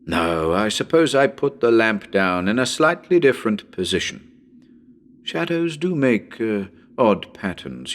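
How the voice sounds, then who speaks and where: A man narrating a haunted house horror story as a dramatic performance, talking chattily to listeners with sudden shouted calls. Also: low-pitched.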